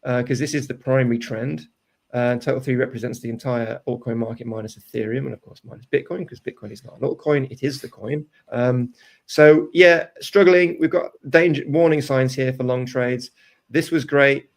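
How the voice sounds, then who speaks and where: Gravelly-voiced man explaining trades. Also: medium pitch, normal speed. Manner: explains steps, ends points with "right?". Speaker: trading coach. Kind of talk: live market analysis chat.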